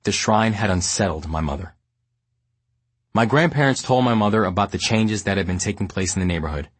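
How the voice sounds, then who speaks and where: A man from New York reading his memoir aloud as an audiobook, in a measured, steady storytelling manner. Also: fairly low pitch, slightly rough, no room sound. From New York, United States. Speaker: memoir narrator.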